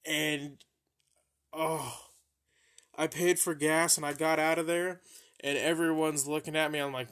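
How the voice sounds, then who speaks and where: A young man casually hosts a podcast, swearing freely and laughing at his own embarrassing stories. His voice is on the high side and fairly bright, with fairly even intonation, a slightly slow pace, and long pauses.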